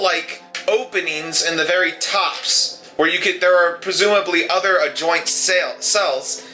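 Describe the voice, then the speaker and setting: A man runs a horror tabletop game, with a high voice and a very bright, cutting tone. He narrates vivid scenes, then stumbles through fillers and restarts over the rules. Soft music plays behind him. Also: low-quality recording. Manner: hesitant, many fillers and restarts in rules talk. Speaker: game master.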